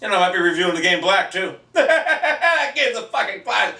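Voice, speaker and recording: A man ranting in a video blog, profane and rambling, who breaks into shouts, recorded in a back room of his house. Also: sits high, big pitch swings, normal speed, hardly any pauses, recorded from a distance. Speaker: video game vlogger. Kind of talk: profane game-console rant. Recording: echoey room, voice off-mic.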